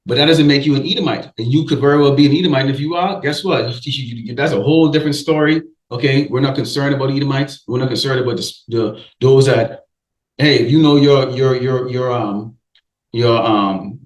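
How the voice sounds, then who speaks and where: Emphatic preaching man, echoey room. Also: medium pitch. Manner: emphatic, repeats okay and restarts often. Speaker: street preacher. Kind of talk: preaching sermon.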